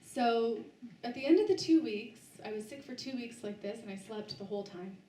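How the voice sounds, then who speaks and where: A woman's voice: on the high side, expressive, warm tone, recorded from a distance. Woman telling her story in a roomy hall. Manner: halting, with frequent restarts and fillers. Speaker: author giving a book talk. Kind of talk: personal story told to a live audience. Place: bookstore event space, indoors.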